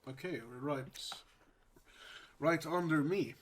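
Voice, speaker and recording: A man co-hosting a podcast, talking about a movie in a relaxed, offhand way with fillers and the odd swear word. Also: on the high side, slow, slight background noise. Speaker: podcast co-host. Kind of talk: casual movie discussion.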